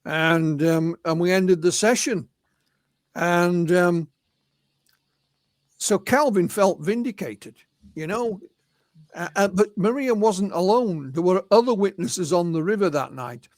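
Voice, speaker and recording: An English man, a guest researcher and author, telling stories in a relaxed interview and often quoting the witnesses he spoke to. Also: sits high, takes it slowly, pauses often, no echo. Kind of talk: conversational storytelling interview.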